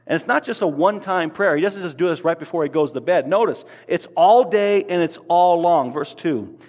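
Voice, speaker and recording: A male pastor delivers a sermon in an earnest way, doubling back on words as he presses each point. His voice sits a little high for a man. The sound carries the long echo of a church hall. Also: expressive, moderate pace, darkish tone. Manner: earnest, repeats words while building a point. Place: church sanctuary.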